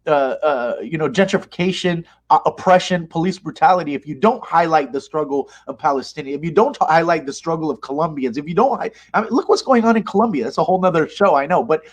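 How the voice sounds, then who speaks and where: A man's voice: on the high side, quick pace, few pauses. A man being interviewed, speaking in an impassioned, emphatic way and retelling events with animation. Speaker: interview guest, mosque leader. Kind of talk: conversational interview.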